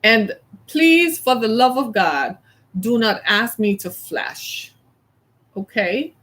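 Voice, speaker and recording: A middle-aged woman from the American South, chatting casually as a host, animated and laughing often as she plays out little scenes. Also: fairly high pitch, takes it slowly. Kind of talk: casual chat.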